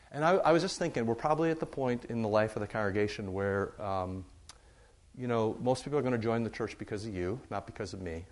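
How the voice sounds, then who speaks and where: A middle-aged man, a pastor, giving church announcements and leading a Bible study in a rambling, good-humored way. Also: mid-range voice. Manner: chatty, warm-humored, rambling with fillers.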